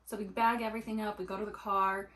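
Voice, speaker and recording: A woman's voice: mid-range voice, fast talker, rough recording. Chatty young woman telling a story. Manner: animated storytelling, full of "like" fillers. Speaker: sewing vlogger. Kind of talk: casual chat while sewing. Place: at home at a sewing table.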